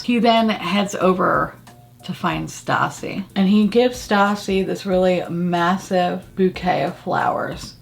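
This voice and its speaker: Animated sarcastic woman vlogger. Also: on the low side, gravelly. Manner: casual, sarcastic, swears freely, laughs often, acts out quotes. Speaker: YouTuber recapping a reality show. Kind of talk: casual chatty recap.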